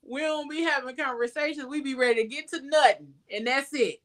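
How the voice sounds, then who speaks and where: A woman's voice: high-pitched, moderate pace, long pauses, a bit bright. Emphatic woman giving casual advice. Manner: emphatic, laughs often, sings a line. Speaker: podcast host.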